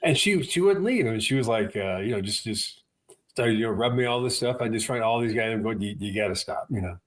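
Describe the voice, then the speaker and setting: Brief: man in his 60s, ex-radio co-host, rapid-fire bawdy storyteller, rambling delivery. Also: mid-range voice, expressive. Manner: rapid, rambling, crude anecdotes with laughs. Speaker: podcast co-host, former radio DJ. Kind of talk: casual comedic storytelling.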